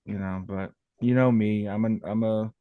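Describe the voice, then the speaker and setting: Calling in to a talk show for some casual chat, a man tells long, rambling stories and swears constantly. His lowish voice has fairly even intonation and a moderate pace, and the dry recording has phone-quality sound.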